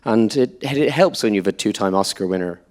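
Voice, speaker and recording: A man with an Irish accent, an actor guest at a live on-stage Q&A, telling stories with animated quotes. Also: lowish voice, brisk. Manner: lively anecdotal storyteller, quotes others in voices. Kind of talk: on-stage Q&A storytelling. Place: live event venue before an audience.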